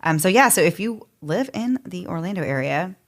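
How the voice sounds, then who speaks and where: A woman's voice: fairly low pitch, expressive, moderate pace. A woman, hosting a casual true crime podcast and chatting with filler words. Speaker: podcast host.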